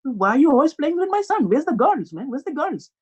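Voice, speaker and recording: Guy putting on a pushy indian dad, mocking, says everything twice, real animated. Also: extremely high pitch, fairly quick, pitched above the performer's own voice. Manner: loud, repetitive, interrogating. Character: pushy, mocking Indian father, loud and nosy.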